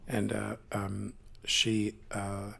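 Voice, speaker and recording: A man hosting a live stage interview, chatting and telling anecdotes in a lively storyteller manner. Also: lowish voice, drawn-out words, gravelly, breathy edge. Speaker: interview host. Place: theater stage before a live audience.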